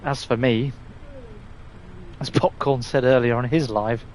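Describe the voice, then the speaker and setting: A man's voice: mid-range voice, fairly even intonation, measured pace, darkish tone, slight background noise. A man chatting casually and rambling through a live game stream, often restarting and swearing mildly. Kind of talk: casual live gameplay chat.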